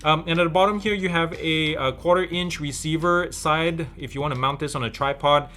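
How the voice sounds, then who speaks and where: A man's voice: a little high, fairly even intonation, fairly quick, sharp tone. A man from Malaysia hosting a tech show, walking through a product in a chatty, explanatory way. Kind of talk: casual product review.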